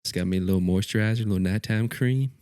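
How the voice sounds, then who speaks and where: A man's voice: fairly low pitch, very fast, a little mellow, clean tone, no echo, clean studio sound. A man co-hosting a podcast, chatting casually and telling rambling stories with quoted voices. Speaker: podcast co-host. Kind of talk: casual chat.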